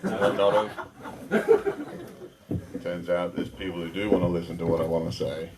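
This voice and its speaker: Deep-voiced self-deprecating comic. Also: male voice, little pitch movement, moderate pace. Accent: Australian. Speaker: stand-up comedian. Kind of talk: stand-up set. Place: warehouse comedy night. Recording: live crowd noise.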